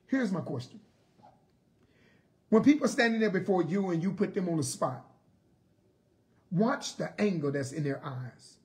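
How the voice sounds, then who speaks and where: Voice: mid-range voice, lively intonation, normal speed, long pauses, darkish tone. A Bible study teacher preaching emphatically, repeating key phrases, asking rhetorical questions and drawing words out for stress.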